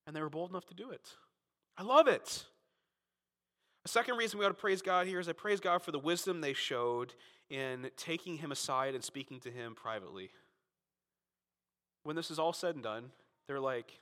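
A man from Florida preaching a Sunday sermon as pastor, emphatic and fervent, swinging between loud peaks and quiet asides. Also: expressive, brisk, in a large hall. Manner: emphatic, rising to fervent peaks then dropping low.

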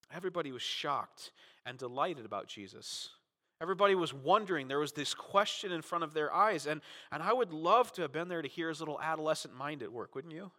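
A man preaching a sermon as pastor, talking conversationally, often adding "right?", and dramatizing quotes with sudden swings in loudness. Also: on the high side. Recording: long reverb of a large hall.

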